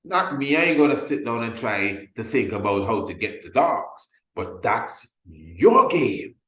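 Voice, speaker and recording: A man's voice: medium pitch, very animated, a little slow, sharp tone. A man presenting a motivational sales webinar. He talks emphatically, repeats his points and acts out little scenes to make them. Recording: roomy echo.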